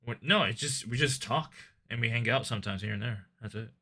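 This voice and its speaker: A man's voice: medium pitch, fairly quick, sharp tone, husky. A man chatting as a guest on a livestream, talking defensively and hesitantly, often repeating his words. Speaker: stream guest. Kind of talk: casual chat.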